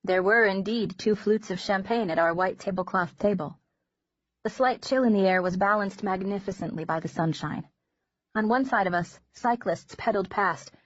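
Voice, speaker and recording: Woman, audiobook narration, measured and gentle, dry close sound, dull lo-fi audio. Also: medium pitch, dry recording. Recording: dull lo-fi recording.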